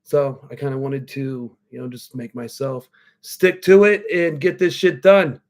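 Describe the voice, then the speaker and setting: A man's voice: mid-range voice, fairly even intonation, measured pace, a little mellow. A man in his forties hosting a podcast live, telling stories in a loose, profane, rambling way while sipping a drink. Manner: drinking a cocktail while talking. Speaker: podcast host. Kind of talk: casual live-stream chat.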